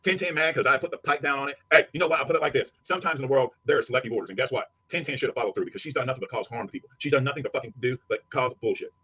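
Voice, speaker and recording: Man, angry profane rant, dry close sound, rapid-fire. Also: medium pitch, husky, no room sound. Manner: profane, aggressive, shouting insults. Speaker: livestreamer.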